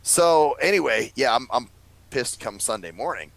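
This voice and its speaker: Man, casual podcast chat, gravelly, swears a lot, laughs, dry sound. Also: mid-range voice, lively intonation, moderate pace, fairly bright tone, dry recording, low-quality recording. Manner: rambling storyteller, swears a lot, laughs often. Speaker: podcast co-host.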